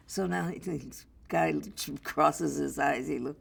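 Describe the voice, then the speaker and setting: A woman's voice: low voice, moderate pace, gravelly, slightly rough. An older woman, an actress, telling a backstage story in an interview and acting out the people in it. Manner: lively storyteller, acts out others' voices. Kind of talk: anecdotal storytelling.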